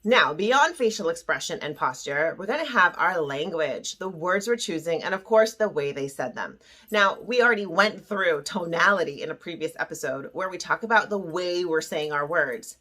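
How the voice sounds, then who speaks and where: A woman coaching on self-esteem in a playful, theatrical teaching style. Her pitch swoops up and down with a lot of life, and she slips into little acted-out voices for emphasis. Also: animated, moderate pace, sharp tone.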